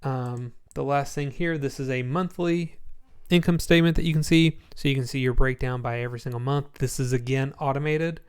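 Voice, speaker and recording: A man giving a casual screen-share walkthrough of a spreadsheet template, sleepy and yawning, relaxed and rambling with many ums. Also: mid-range voice, a little fast, clear, resonant tone.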